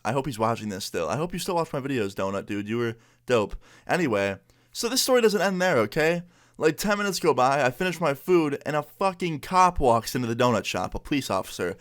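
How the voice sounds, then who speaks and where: Young man telling a story, animated. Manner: animated, acts out quoted voices with pitch jumps. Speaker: storytime YouTuber. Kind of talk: casual storytelling.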